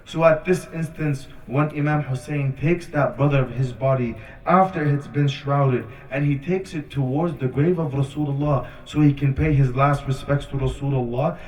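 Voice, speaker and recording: A man's voice: mid-range voice, fairly even intonation, normal speed, darkish tone. Earnest man preaching in an echoey hall. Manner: earnest, recounting stories with quoted dialogue. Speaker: religious speaker. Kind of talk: sermon storytelling. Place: community center prayer hall. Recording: distant, echoey, muffled hall recording.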